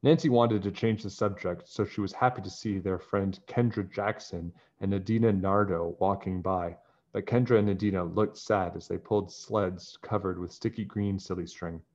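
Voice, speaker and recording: A man reads a children's mystery aloud in a plain, even way. His voice sits low. The recording is dull and lo-fi. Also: moderate pace. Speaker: narrator reading a children's book. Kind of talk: children's book read-aloud.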